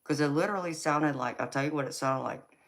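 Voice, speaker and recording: A Southern US woman reads tarot on a live stream, answering chat in a reassuring, loose manner with lots of "you know." Her voice is low-pitched and fast.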